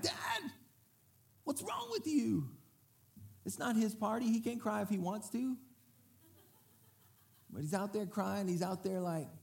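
A man preaching a sermon to his congregation. He speaks in a lively way, asks the crowd to repeat words back to him, and often acts out what other people say. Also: fairly high pitch. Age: adult parent. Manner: lively, often breaks into acted quotes. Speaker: pastor.

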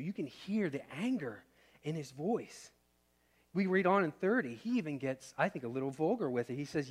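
This sermon comes from a man in his thirties with a fairly high, very animated voice at a moderate pace. As pastor, he keeps a conversational tone, questions the room, and alternates between loud and quiet.

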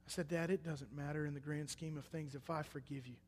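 A man's voice: fairly high pitch, steady tone, fast talker, slight background noise. Preacher man in an echoey hall. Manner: swings from loud emphatic bursts to hushed quiet lines. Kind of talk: sermon testimony.

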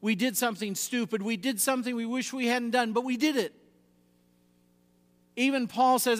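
A man preaching a sermon, emphatic, swinging between loud exhortation and quiet, low passages. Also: steady tone, moderate pace, long pauses, in a large hall.

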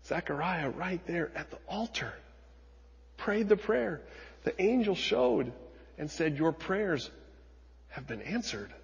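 Husky pastor preaching in a reverberant hall. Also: male voice, a little high, big pitch swings, slow pace, long pauses, muffled recording. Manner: dramatic retelling, swings from hushed to emphatic. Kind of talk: sermon.

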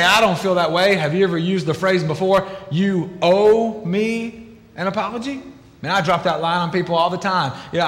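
A man preaching a sermon as pastor, animated and acting out quoted speech in different voices. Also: sits high. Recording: echoey hall, long reverb.

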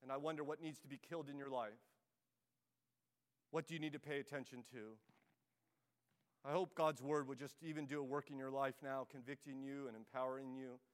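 A man's voice: mid-range voice, little pitch movement, brisk, long pauses, clean tone. A preacher giving a sermon in a church, urging his listeners in a direct, emphatic way. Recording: long hall reverb.

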